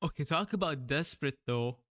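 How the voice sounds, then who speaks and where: A woman's voice: sits low, lively intonation, a little fast, fairly bright tone. A woman co-commentating on a reaction stream with blunt, incredulous outbursts.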